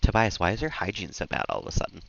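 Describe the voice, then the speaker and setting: A man's voice: fairly low pitch, lively intonation, racing, gravelly, fairly bright tone, lo-fi sound, a little hiss or hum. A man streaming a game, chatting casually with viewers, reading out their messages and laughing often. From United States. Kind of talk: casual chat with viewers while gaming.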